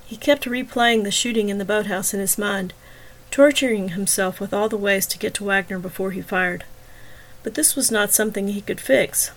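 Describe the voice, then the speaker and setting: A woman host and author reading a chapter of her novel in steady, expressive narration. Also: mid-range voice, normal speed, poor audio.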